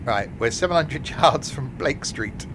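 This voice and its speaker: Speaking in a mid-range voice at a measured pace, a man streams a train simulator live and banters with his audience. He jokes, laughs a lot, and responds to chat messages, and a constant noise sits under the recording.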